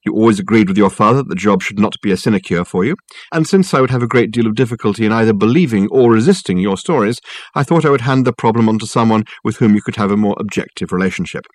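A man voicing a brisk, sweetly ruthless older aristocratic mother who stays coolly in control. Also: fairly low pitch, expressive, dry recording, clean studio sound.

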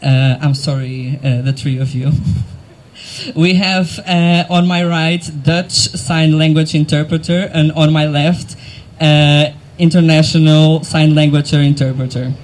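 A man working as MC at an outdoor gathering, speaking emotionally and haltingly, with frequent fillers and small laughs. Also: on the high side, fairly even intonation, rough recording. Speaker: event MC. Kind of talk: live outdoor event hosting. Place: outdoor event crowd gathering.

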